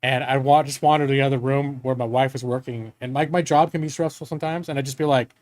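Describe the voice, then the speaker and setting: A man's voice: mid-range voice, fairly even intonation, fast talker, a little mellow, no echo. A man in his forties chatting casually on a live stream, rambling and candid, swearing freely and joking at his own expense. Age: 40s.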